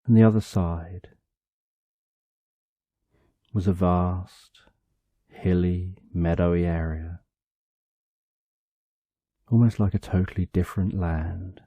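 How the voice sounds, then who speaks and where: A man narrating a bedtime story for sleep, calm and drawn out, in short phrases with long pauses. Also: deep voice, no echo, muffled recording.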